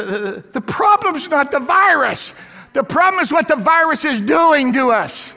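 A man's voice: extremely high pitch, sing-song, measured pace, bright, forceful tone, in a large hall, a faint crowd. A male pastor preaching a sermon with impassioned, repetitive emphasis. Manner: impassioned, repeating phrases for emphasis.

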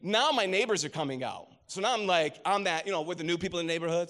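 A middle-aged man with a high-pitched voice delivers a sermon. He tells stories with rising emphasis and quotes scripture. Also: animated, fast talker, hardly any pauses, fairly bright tone. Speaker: preacher.

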